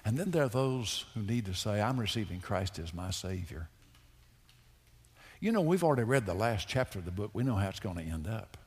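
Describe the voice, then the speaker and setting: A man preaching a sermon to his congregation, swinging between loud, fervent pleas and hushed, quiet lines. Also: fairly low pitch, animated, fast, few pauses, husky, long reverb tail. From United States. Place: church sanctuary.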